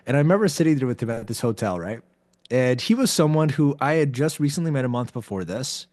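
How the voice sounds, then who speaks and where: Guy on a podcast telling a story, mid-pitched voice, acts out the quotes, lots of "like", dry close sound. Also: fast, dry recording. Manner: animated storyteller who acts out quoted dialogue, frequent "like" fillers. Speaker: podcast guest. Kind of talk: casual storytelling conversation.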